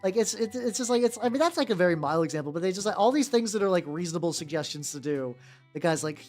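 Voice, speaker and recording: A woman with a gentle, relaxing voice chatting casually on a stream while painting miniatures, rambling with lots of restarts and casual swearing. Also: lowish voice, animated, quick pace. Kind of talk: casual chat. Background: faint background music.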